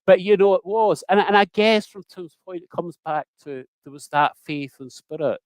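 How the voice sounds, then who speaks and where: A Scottish man speaking as a guest on a video call, talking casually and haltingly, often repeating his words. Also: high voice, no echo. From Scotland. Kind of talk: casual conversation.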